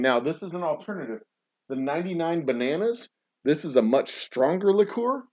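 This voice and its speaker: A man's voice: mid-range voice, dull audio. A man hosting a casual chat show while mixing a cocktail, joking and rambling through tall tales with a straight face. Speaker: podcast host and distiller.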